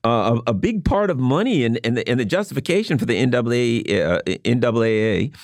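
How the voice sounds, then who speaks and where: A man's voice: medium pitch, sing-song, fast talker, no echo, clean studio sound. A man co-hosting a political talk radio show, speaking sarcastically with mocking asides.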